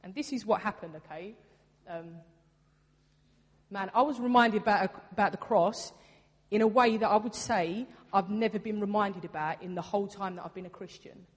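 A woman's voice: mid-range voice, normal speed, breathy edge. A woman preaching a sermon in a casual, earnest way, repeating her points for emphasis. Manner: earnest, conversational, with emphatic repetition. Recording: long reverb of a hall.

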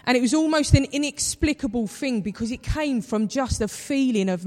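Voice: sits high, expressive, normal speed, hardly any pauses, a little mellow. Preacher in a reverberant hall. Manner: conversational storytelling, acts out quoted voices. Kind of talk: sermon. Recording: long reverb of a large hall.

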